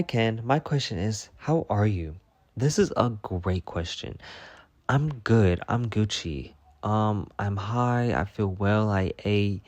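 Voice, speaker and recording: Man, vlogger, low-ish voice, casual profane storyteller who acts scenes out loudly. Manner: profane, animated, jumps into loud acted-out voices. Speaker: vlogger answering fan questions.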